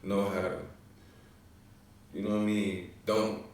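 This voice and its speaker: A man's voice: lowish voice, level tone, a little slow, darkish tone, very echoey, recorded from a distance. A young man from Chicago with a Chicago accent, telling a story in a loose, rambling, slangy way full of fillers. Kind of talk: casual storytelling.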